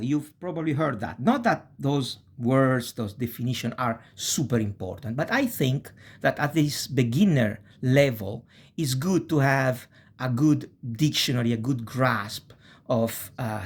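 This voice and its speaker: Slow, husky male teacher. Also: mid-range voice. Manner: slow and deliberate, frequent checking tags like "eh?". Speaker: Italian teacher. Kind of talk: language lesson.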